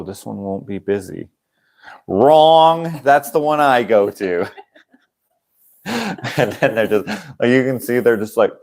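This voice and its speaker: A man's voice: fairly low pitch, a little mellow. A young man hosting a casual livestream, rambling and chuckling as he acts out the people in his stories. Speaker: channel host.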